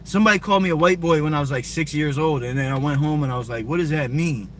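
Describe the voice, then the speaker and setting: A man's voice: a little high, rapid-fire, a little hiss or hum. A man from Brooklyn, ranting on a livestream in a confrontational, profane way and firing rhetorical questions at viewers. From Brooklyn, New York. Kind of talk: heated livestream rant answering viewers. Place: parked car on a city street. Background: faint music playing.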